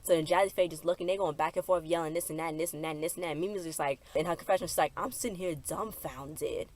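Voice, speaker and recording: A woman's voice: deep voice, steady tone, a little mellow. Chatty young woman recapping a show. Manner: chatty, recounting scenes by quoting the cast in quick back-and-forth. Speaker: TV recap vlogger. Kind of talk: casual episode recap.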